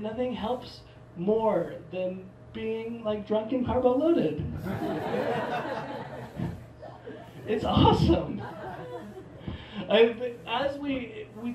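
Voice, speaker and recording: A man's voice: sits high, a little mellow, slight background noise. Rambling man doing stand-up in a theater. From Portland, Oregon. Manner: rambling, self-mocking, many likes and restarts. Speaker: stand-up comedian. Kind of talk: stand-up comedy set. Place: theater stage. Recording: live theater mic, roomy, from a distance.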